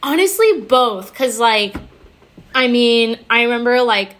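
A woman's voice: fairly high pitch, expressive, measured pace, a bit bright. A young adult woman hosting a podcast in casual chat, gushing and exclamatory, swearing freely. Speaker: podcast host.

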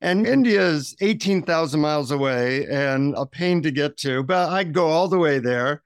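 A man, an author and guest on an interview, telling lively, self-mocking anecdotes. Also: on the high side, normal speed, clear, resonant tone, no echo, clean studio sound. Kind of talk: interview storytelling.

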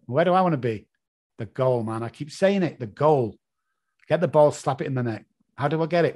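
A man's voice: mid-range voice, brisk, a little mellow. A man with an English accent giving an emphatic motivational talk, repeating key phrases and swearing freely. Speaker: motivational speaker.

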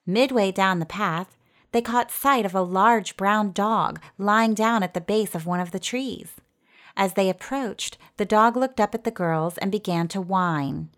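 A woman narrating a fairy tale in a gentle storytelling manner. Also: mid-range voice, measured pace.

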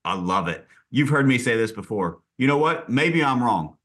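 A man who leads a real estate team, telling stories in an energetic, direct and emphatic way during a podcast conversation. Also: mid-range voice, normal speed, husky.

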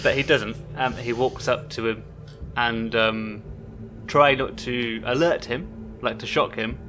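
A man playing a tabletop game, slowly describing what his character does. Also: mid-range voice, steady tone, a bit bright, faint music behind. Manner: slow, deliberate, describing his character's actions. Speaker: player. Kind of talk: casual tabletop play.

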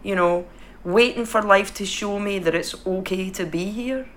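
A woman's voice: mid-range voice, moderate pace. A woman musing frankly in casual conversation, reflective and sometimes swearing.

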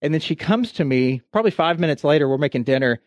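A man's voice: a little high, fast talker, no room sound, clean studio sound. A man in his thirties, co-hosting a podcast, chatting casually and acting out voices as he tells stories. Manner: animated storyteller, acts out voices. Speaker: podcast co-host. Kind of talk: casual chat.

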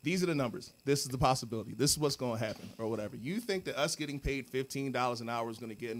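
A man's voice: mid-range voice, very fast. A man telling a bar story to friends on a podcast, cursing freely and acting out the people in his story. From United States. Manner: profane, animated, quotes people in put-on voices. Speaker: podcast co-host.

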